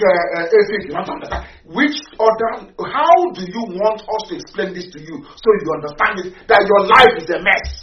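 A man hosting impassioned political talk, fiery and rhetorical, repeating his points for emphasis. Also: on the high side. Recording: echoey, distant, dull with faint hiss.

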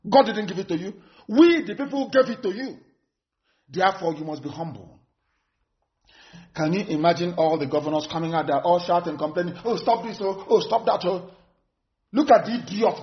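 A Nigerian man giving a fiery, scornful political broadcast, repeating phrases for emphasis. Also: sits high. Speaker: activist addressing followers. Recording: dull lo-fi recording.

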